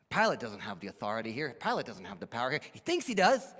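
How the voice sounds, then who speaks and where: Animated preacher in an echoey hall. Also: male voice, mid-range voice, fast talker, hardly any pauses, husky. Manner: animated, emphatic, drops to quiet for weight. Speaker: pastor. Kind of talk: sermon.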